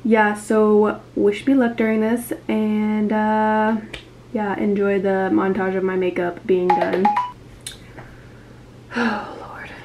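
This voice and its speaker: A woman's voice: medium pitch, little pitch movement, slow, a little mellow, soft background music. A young woman in a casual vlog, talking in an anxious, rambling way with lots of fillers. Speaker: vlogger.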